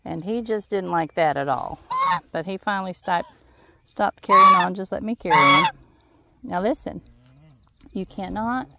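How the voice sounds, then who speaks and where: Gravelly woman coaxing geese outdoors. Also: mid-range voice. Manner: coaxing, gently scolding, drawn-out. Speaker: farm vlogger. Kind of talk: casual talk to animals while filming. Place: outdoor farm garden. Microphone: handheld phone. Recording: loud outdoor noise, geese honking. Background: geese honking.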